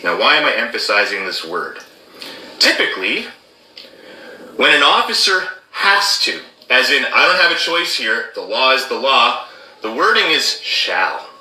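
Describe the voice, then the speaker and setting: A man's voice: mid-range voice, sing-song, a little slow, pushed and bright, echoey room, rough recording. A man explaining rules in an emphatic commentary, stressing key words and checking in with "okay?". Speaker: former border officer commentator.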